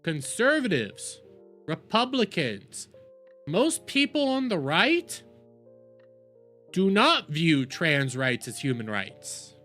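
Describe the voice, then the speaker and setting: A woman's voice: fairly low pitch, huge pitch swings, slow pace, pauses often, a bit bright, soft background music. A woman streamer giving reaction commentary, ranting in exasperation and often repeating her words.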